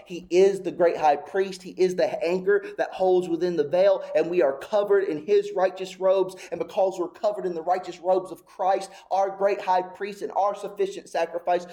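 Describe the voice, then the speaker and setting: A man preaching a sermon, emphatic and repetitive, rising and falling in loudness as he drives each point home. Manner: emphatic, repeating phrases, swinging widely in pitch and loudness.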